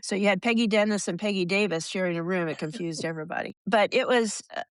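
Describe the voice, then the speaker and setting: A woman's voice: medium pitch, quick pace, no echo. Chatty American woman in her sixties. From United States. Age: 60s. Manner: rambling, animated anecdotes with quoted voices. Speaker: podcast guest. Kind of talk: casual storytelling.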